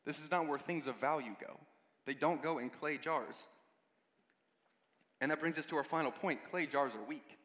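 A man's voice: fairly high pitch, moderate pace, pauses often, fairly bright tone. A man giving a conversational sermon, speaking to a congregation with casual asides and repeated words. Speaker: preacher. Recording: long hall reverb.

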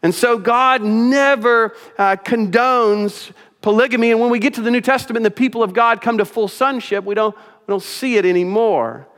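A male pastor preaching a sermon, swinging between emphatic loud points and soft, hushed asides, often repeating his phrases. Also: very high-pitched, normal speed. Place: church sanctuary. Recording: church sanctuary with long reverb.

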